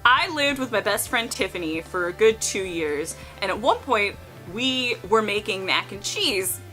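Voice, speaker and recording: A young woman in her twenties telling casual stories to camera, animated and profane, acting out the people she quotes. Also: medium pitch, a little slow, faint music behind. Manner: animated, profane, acts out quotes in shifting voices. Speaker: vlogger. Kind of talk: casual storytelling.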